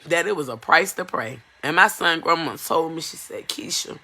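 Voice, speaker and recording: A woman speaks straight to the camera in an emotional personal testimony. Her tone is bright and forceful, earnest and pleading, and she repeats lines to drive them home. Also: sits low, animated, normal speed, a little hiss or hum. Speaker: mother giving a personal testimony.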